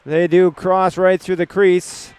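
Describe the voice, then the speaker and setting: A Canadian man calling youth hockey play-by-play in quick clipped phrases. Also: high-pitched, flat delivery, a little mellow, clear, resonant tone, no echo. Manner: rapid clipped puck-by-puck calls. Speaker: play-by-play commentator.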